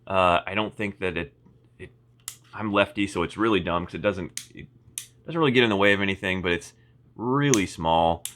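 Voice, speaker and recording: A man's voice: deep voice, normal speed, a bit bright. A man giving a casual, rambling product review, full of fillers, restarts and wry asides. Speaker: firearms reviewer.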